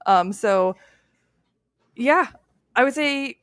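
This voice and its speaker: A woman's voice: a little high, animated, extremely slow, dry recording. Chatty woman on a dry mic. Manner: chatty, laughing, searching for words. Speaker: podcast co-host. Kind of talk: casual chat.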